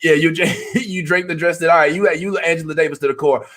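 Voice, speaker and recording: Bright high-voiced laid-back Texan man. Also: steady tone, brisk. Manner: laid-back, trailing off with mumbled asides. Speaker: podcast co-host. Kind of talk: casual chat. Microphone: video call.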